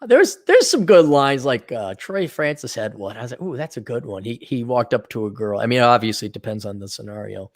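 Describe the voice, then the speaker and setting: A man's voice: mid-range voice, expressive, a little fast, hardly any pauses. An American man hosting a casual stream chat, sarcastic and teasing, swearing freely as he banters with his guest. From United States. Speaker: livestream host reading donations.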